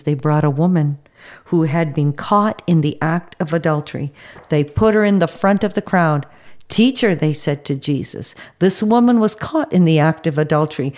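A woman's voice: deep voice, a little mellow. A woman reading Bible passages aloud and explaining them in a teaching broadcast, with fillers, restarts and asides.

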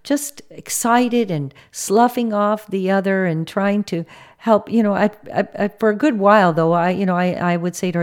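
A middle-aged woman giving a faith reflection talk to her brothers and sisters in an earnest, gently encouraging way. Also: medium pitch, moderate pace, clean tone.

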